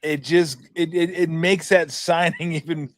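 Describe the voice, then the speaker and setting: Man, sports radio host, lively storyteller, fairly high voice, dry close sound. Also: unhurried, no echo. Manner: animated storyteller, laughs often. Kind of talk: casual sports talk.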